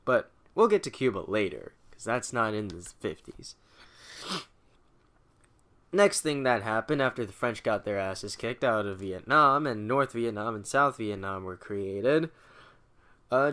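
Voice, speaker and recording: Young man, bright, forceful tone; casual profane history recap with mock quotes. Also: medium pitch, clear, resonant tone. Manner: irreverent and profane, acting out quotes in mock voices; hesitant, with fillers and restarts. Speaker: student summarizing history chapters. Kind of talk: casual spoken chapter recap.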